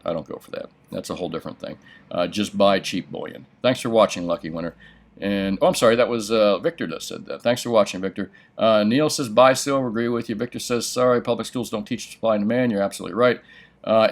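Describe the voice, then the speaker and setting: An older man hosting a livestream from his coin shop, reading viewer comments and giving blunt, opinionated, profane answers. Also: fairly low pitch. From United States. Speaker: coin shop owner and host.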